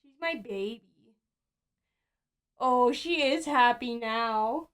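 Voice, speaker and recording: A woman streaming a video game in casual chat, cooing over cute cats and lapsing into soft baby talk to her pet. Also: on the high side, lively intonation, a little slow, no echo. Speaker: livestreamer. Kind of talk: casual gameplay livestream chat.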